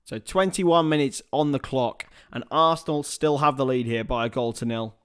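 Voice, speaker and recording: A man hosting a live football watchalong, mixing match commentary with casual chat to his viewers. He swears, calls them lads and bursts into loud excited calls. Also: mid-range voice, normal speed, clean tone.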